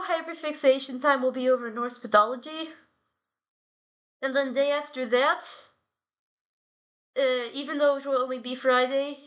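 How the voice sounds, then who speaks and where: High-voiced woman rambling playfully. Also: a bit bright. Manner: rambling, playful, talks to her chat. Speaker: host of a daily talk show. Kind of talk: casual solo vlog chat.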